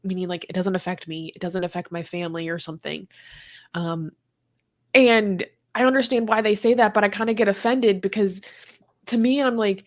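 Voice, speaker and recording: A woman's voice: mid-range voice, steady tone, normal speed. A woman hosting a casual online chat, speaking in an earnest, heartfelt way with many filler words. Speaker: host, leader of an atheist community.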